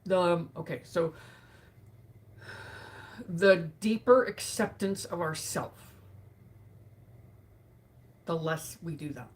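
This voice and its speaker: A woman hosting a live session, speaking in a soft, emotional way with sighs and pauses while tearful. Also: lowish voice. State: tearful, grieving. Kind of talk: reflective live talk.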